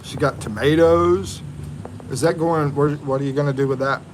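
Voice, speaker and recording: A man's voice: a little high, steady tone, moderate pace, background noise. A Texan man chatting casually on a livestream, reading viewer comments and chuckling, in a home kitchen. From USA. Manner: laid-back, chuckling, reads viewer comments. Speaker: livestream host.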